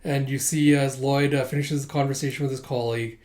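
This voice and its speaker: A man's voice: medium pitch, fairly even intonation, a little fast, darkish tone. A man recapping a comic chapter in casual, chatty talk, with lots of fillers and laughs. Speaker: comic chapter reader and commentator.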